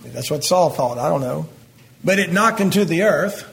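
A man's voice: a little high, animated, normal speed, vocal fry, a bit bright. A middle-aged man, teaching a Bible passage verse by verse in a folksy, conversational way and talking directly to his congregation. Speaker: pastor.

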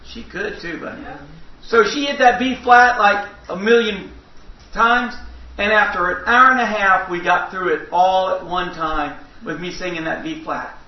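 Folksy preacher in an echoey church. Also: male voice, high voice, measured pace. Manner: folksy storytelling with humor. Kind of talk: sermon. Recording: echoey hall, distant mic, dull sound.

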